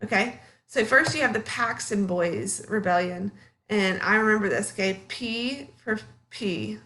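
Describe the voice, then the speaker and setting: A woman's voice: mid-range voice, a bit bright. Casual woman teaching history. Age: 30s. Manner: casual, chatty, filler-heavy, asks the class questions. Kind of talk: classroom lecture.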